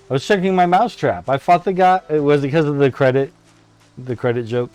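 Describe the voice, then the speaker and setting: A man casually commenting while playing a survival game, chatting with friends and often breaking into laughter and high excited yelps. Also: a little fast, clean tone. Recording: faint game music behind.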